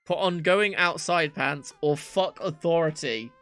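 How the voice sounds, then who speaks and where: A man's voice: on the high side, unhurried, fairly bright tone, soft background music. A man streaming a dating game, reading lines aloud in a playful way, swearing and stumbling over words.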